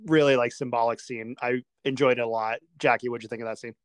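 A man in a casual film chat, talking through favorite scenes in a chatty, animated way. His voice sits mid-range and sounds close and dry, with no room around it. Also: mid-range voice, fast, clean tone, dry recording.

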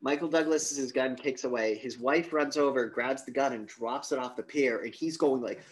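A young man co-hosting a casual podcast movie review, retelling the plot with animated quotes of the characters. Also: mid-range voice, normal speed, low-quality recording. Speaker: podcast co-host.

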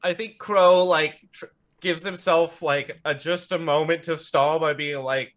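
A man's voice: a little high, steady tone, a little slow, a bit bright. A man playing in a tabletop game, chatting easily about his character. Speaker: player. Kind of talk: casual tabletop play.

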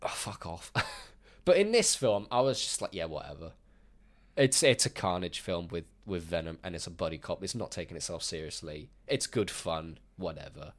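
Lower-voiced man venting about a film. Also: moderate pace. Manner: animated, swearing, acts out mock quotes. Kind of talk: casual film review chat.

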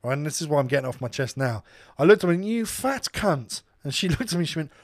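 A man's voice: on the high side, expressive, very fast, dry recording, clean studio sound. Sweary man telling an angry story. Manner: heated, sweary storyteller who acts out the people in his story. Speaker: podcast co-host and radio presenter. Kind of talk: casual chat, ranting anecdote.

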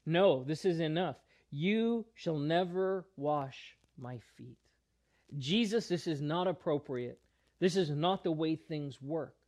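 Guy doing peter, impulsive disciple, blunt and protesting, higher voice. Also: unhurried, darkish tone.

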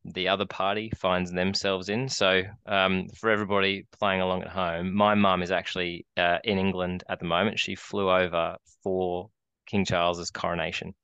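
Deep, flat-voiced Australian man. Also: moderate pace, smooth, no echo, muffled recording. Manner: rambling storyteller, many restarts and fillers. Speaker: podcast co-host. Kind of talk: casual chat.

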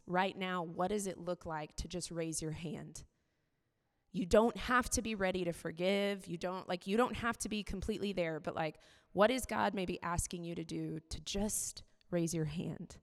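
A woman's voice: fairly low pitch, normal speed. Woman preaching in a reverberant hall. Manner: conversational, candid, many "like" fillers. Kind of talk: sermon.

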